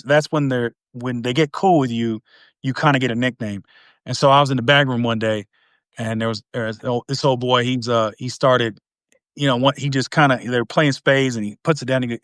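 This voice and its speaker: A middle-aged man from East Tennessee hosts a podcast, telling stories in casual chat and animatedly acting out the voices of the people in them. His voice is mid-range, recorded dry with studio quality.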